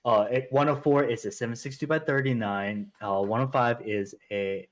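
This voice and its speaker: A man talking as a guest on a casual podcast, halting often with ums and casual swearing. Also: medium pitch, fairly even intonation.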